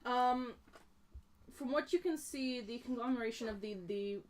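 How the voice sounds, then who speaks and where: A woman's voice: on the high side, normal speed, noisy background. A woman game master describing a scene in a tabletop game, filling her narration with um and like. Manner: descriptive, many fillers like um and like.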